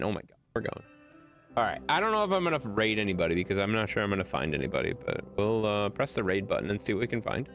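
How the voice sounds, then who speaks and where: A man's voice: on the low side, very animated, quick pace, gravelly, a bit bright, soft background music. A man streaming a game late at night, chatting loosely with viewers and his dog and swearing freely. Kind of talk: casual livestream gameplay commentary.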